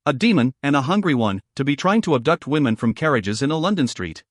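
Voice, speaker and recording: A man reading an audiobook narration in a measured, expressive storytelling manner. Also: mid-range voice, no room sound, studio quality. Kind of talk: scripted narration.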